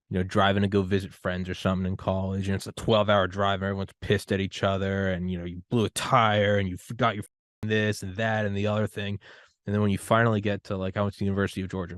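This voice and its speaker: A man hosting a podcast, talking in a loose, rambling way that turns loud and higher when he gets worked up. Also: dry recording, studio quality. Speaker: podcast host. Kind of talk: casual conversation.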